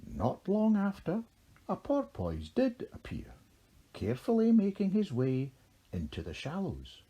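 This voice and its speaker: Male storyteller, storybook reading, slow, husky voice, lively pitch. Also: muffled recording. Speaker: narrator.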